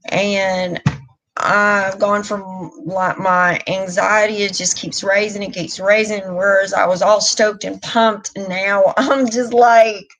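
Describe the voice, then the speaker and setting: A woman's voice: medium pitch, level tone, takes it slowly, a bit bright, poor audio. A middle-aged woman, talking openly and emotionally in a rambling live stream chat. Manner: candid, emotional, rambling with restarts. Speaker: vlogger.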